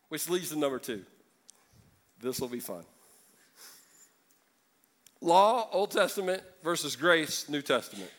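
A man's voice: a little high, very animated, normal speed, long pauses. A man preaching a sermon as pastor, joking and acting out voices from the congregation.

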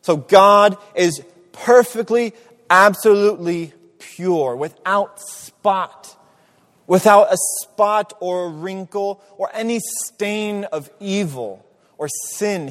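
Slow-talking preacher guy, kinda high voice, repeats words for emphasis, big echoey hall. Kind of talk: sermon.

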